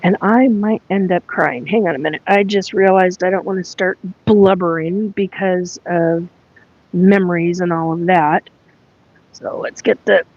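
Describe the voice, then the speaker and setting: A woman hosting a casual spiritual livestream, talking in a halting, rambling way with many fillers and asides to viewers, her voice a little cracked. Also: dry recording. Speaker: livestream host. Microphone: earphone mic plugged in. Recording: dull lo-fi livestream audio with faint rumble.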